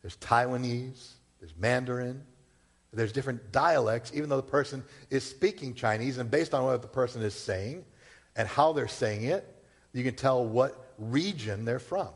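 Long reverb from the church hall surrounds this man's medium-pitched voice as he speaks at normal speed. He's a Massachusetts pastor delivering a sermon in a conversational style, tossing in offhand remarks and asking rhetorical questions.

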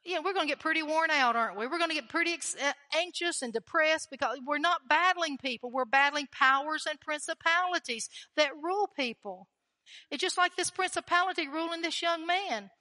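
A woman's voice: sits high, a little fast, pushed and bright, in a large hall. A woman preaching a sermon with fervent emphasis, repeating key lines and asking the listeners questions.

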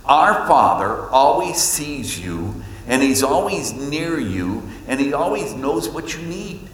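A man preaching a sermon, reading scripture and telling stories, with his pitch jumping up on points he wants to stress. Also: slow pace, a little hiss or hum. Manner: animated storytelling, pitch leaps on emphasis. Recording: echoey hall with long reverb.

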